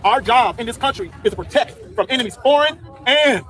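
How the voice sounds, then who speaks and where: Fast high-voiced man leading a street rally. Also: animated, bright, forceful tone. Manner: rousing, profane, leads crowd chants. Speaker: protest speaker. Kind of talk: rally speech with call and response. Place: outdoors at a street protest.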